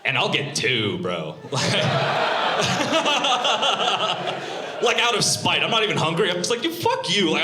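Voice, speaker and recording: Animated young comedian, lively swooping voice. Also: male voice, mid-range voice. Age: 20s. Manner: animated, profane, self-mocking. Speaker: stand-up comedian. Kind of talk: live stand-up set. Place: comedy club stage. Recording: roomy comedy club.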